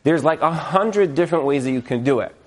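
A man teaching about marriage in a casual, animated way, acting out little scenes and chuckling as he goes. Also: on the high side, brisk. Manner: animated, acts out quotes, chuckles often. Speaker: marriage educator.

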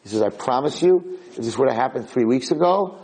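A middle-aged American man, a rabbi, giving an animated storytelling lecture and acting out the people in his story. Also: medium pitch, a little fast, breathy edge, poor audio.

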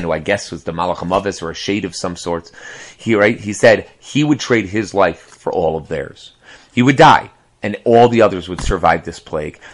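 Low-voiced man giving a Torah talk. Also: a bit bright. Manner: conversational, tags points with "right?". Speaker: rabbi giving a Torah class. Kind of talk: Torah lecture with stories.

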